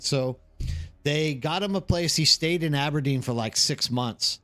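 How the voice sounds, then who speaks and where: A tired livestream host from the Houston area of Texas chats and rambles casually, reading the chat aloud and saying "like" and "dude" a lot. His fairly high voice is unhurried, with a sharp tone.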